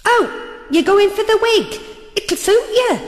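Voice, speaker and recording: A woman's voice: very high-pitched, expressive, takes it slowly, voice pushed up, exaggerated voice. A woman voicing a chatty, gossiping woman who runs a village cafe, rattling off cheery rhyming patter and saying "me" for "my". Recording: roomy hall with long reverb.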